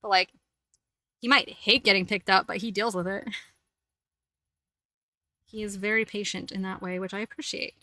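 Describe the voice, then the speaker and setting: A woman chats on her livestream in a rambling, filler-heavy way. Her voice is bright and clear. It comes through a close mic in a dry space with no echo. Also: mid-range voice, steady tone, normal speed, long pauses. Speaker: host. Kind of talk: casual livestream chat.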